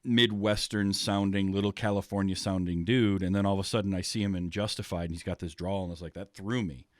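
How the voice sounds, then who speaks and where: A man with a fairly low voice hosts a relaxed film podcast. He rambles through his thoughts with frequent fillers and restarts. The sound is dry and close. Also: fast, dry recording. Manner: chatty, many fillers and restarts. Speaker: podcast host. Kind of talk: casual film discussion.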